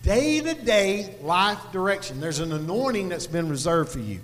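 Preacher guy telling a story from the pulpit, kinda high voice, big echoey church sound. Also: big pitch swings, normal speed, a bit bright. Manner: folksy, conversational, Southern turns of phrase. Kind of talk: sermon storytelling. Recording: long hall reverb.

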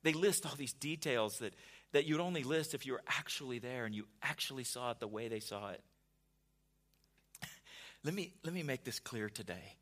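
A male pastor giving a conversational sermon, often restarting words and building to emphatic, louder passages. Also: mid-range voice.

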